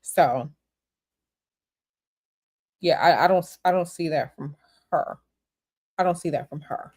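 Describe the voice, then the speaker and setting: A woman reading tarot on a livestream, answering viewer questions in a blunt, animated, repetitive way. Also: low voice, takes it slowly, breathy edge. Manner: blunt, animated, repeats herself. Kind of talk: casual livestream chat.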